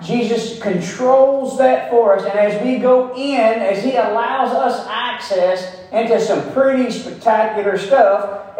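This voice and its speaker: Man, high voice, emphatic folksy preaching, sermon in a church, distant echoey sound. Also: a little mellow. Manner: folksy, emphatic, repeats phrases for stress. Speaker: pastor. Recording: very echoey room, mic far off.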